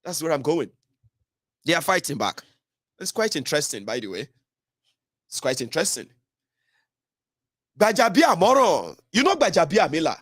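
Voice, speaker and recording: A Nigerian man hosting solo political commentary, mocking and animated, slipping into Pidgin. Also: on the high side, a little fast, pauses often, no room sound, clean studio sound.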